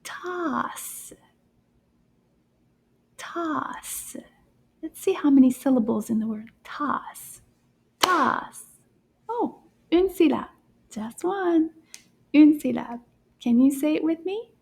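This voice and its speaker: A woman teaching a children's French lesson in soft, encouraging tones, often dropping into a half-whisper and pronouncing each word slowly and clearly. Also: high-pitched, animated.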